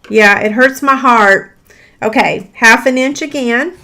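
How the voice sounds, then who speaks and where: A woman's voice: fairly high pitch, expressive, slow, sharp tone. A woman, teaching a live crafting tutorial in a chatty, self-deprecating way with frequent fillers. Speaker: paper craft instructor.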